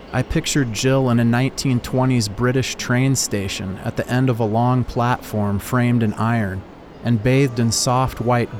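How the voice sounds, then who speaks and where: A man narrating a first-person story in a calm, reflective way. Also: mid-range voice, noisy background.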